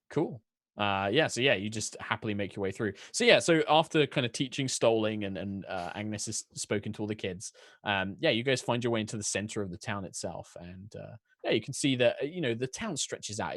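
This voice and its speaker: Rambling male dungeon master, lively. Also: on the low side, dry recording, studio quality. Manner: rambling, many fillers and restarts. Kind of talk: narrating a tabletop game.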